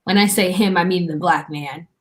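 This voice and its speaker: A woman's voice: on the low side, normal speed. A woman talking frankly in a casual group discussion over a video call, swearing freely. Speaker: panelist.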